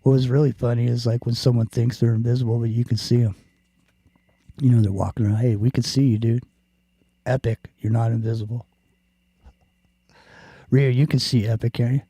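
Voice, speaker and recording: Man, casual podcast chat, rambling, profane, jokey, dark, husky tone. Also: mid-range voice, level tone, moderate pace, pauses often, no room sound. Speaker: podcast host.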